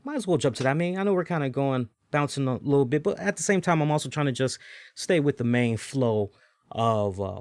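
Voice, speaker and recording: A man hosts his own review show in loose, rambling casual chat, speaking straight to his viewers. His voice sits in an ordinary middle pitch. The sound is dry and close. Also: no room sound. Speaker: show host.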